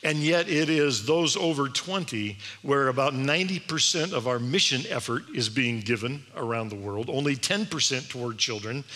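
Male speaker, bright forceful voice, emphatic sermon with rhetorical questions, long hall echo. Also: mid-range voice. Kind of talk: sermon-style address. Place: large hall with an audience.

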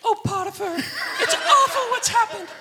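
A man, the church worship leader, voicing a scheming woman in a shrill falsetto with a gravelly edge, acting out a scene during a sermon. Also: normal speed, in a large hall, heavy background noise. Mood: melodramatic. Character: scheming woman, a powerful man's wife. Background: audience laughing.

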